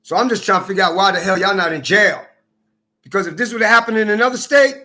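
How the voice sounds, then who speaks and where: A man with a high, bright voice, ranting bitterly straight at the camera. He accuses, swears and circles back to the same lines again and again, with a raw, personal edge. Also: fast talker. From Minnesota. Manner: bitter, accusing, repetitive, profane. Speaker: vlogger. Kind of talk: angry personal rant to camera.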